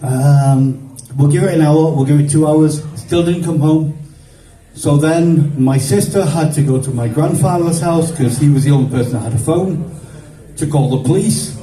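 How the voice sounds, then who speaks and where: A man doing stand-up, telling a rambling childhood story with lots of swearing and quick voices for the people in it. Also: a little high, warm tone, recorded from a distance. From grew up in the 1970s. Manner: swearing, rambling anecdotal delivery with voiced characters. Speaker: stand-up comedian. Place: stage at a comedy show. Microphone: phone filming from the audience. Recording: roomy phone recording from afar.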